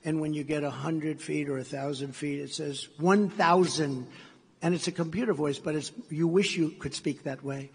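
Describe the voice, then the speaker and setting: A man's voice: on the high side, steady tone, brisk, gravelly, few pauses, slightly rough. An older American man giving a meandering speech at a gala, repeating himself and acting out bits of dialogue, in a large hall. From United States. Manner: repetitive, meandering storyteller who acts out dialogue. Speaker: gala speaker. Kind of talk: rambling speech anecdote. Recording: reverberant hall sound.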